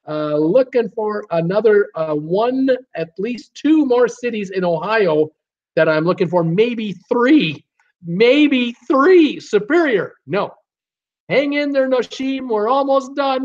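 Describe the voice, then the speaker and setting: A man hosting a casual live trivia stream, upbeat as he reads out viewer guesses and gives hints. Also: sits high. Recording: dull lo-fi stream audio.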